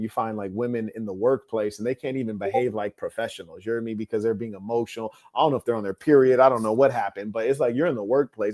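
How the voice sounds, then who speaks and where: A man's voice: mid-range voice, a little mellow. A man talking in a blunt, dismissive monologue full of slang, often asking "you hear me?". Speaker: host. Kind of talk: casual monologue.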